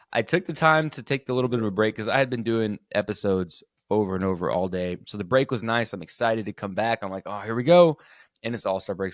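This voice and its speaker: A man's voice: fairly low pitch, fairly bright tone, no echo, studio quality. A young man hosting a casual solo sports podcast, rambling loosely with lots of fillers and restarts. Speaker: podcast host.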